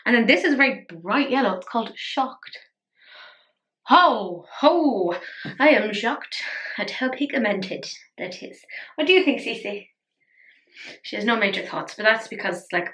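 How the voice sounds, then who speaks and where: A woman's voice: mid-range voice, bright, forceful tone. A tired woman chatting playfully through a casual makeup tutorial, poking fun at herself. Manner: chatty, playful, self-mocking. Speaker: beauty vlogger.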